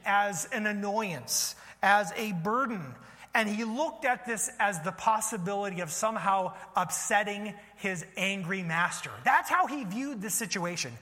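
A man preaching a sermon, animated and storytelling, asking his listeners questions in a church hall. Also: sits high. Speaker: pastor.

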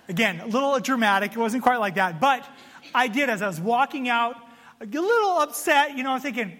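Pastor, male, high bright voice, lively self-mocking storyteller, preaching in a reverberant hall. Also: a little fast. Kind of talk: sermon with storytelling.

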